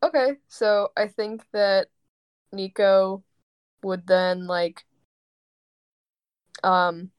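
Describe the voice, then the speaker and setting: A woman's voice: medium pitch, steady tone, extremely slow, long pauses, clear, resonant tone. A woman playing a tabletop role-playing game, hesitant and giggly, full of fillers. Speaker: player. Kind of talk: tabletop role-play, in and out of character.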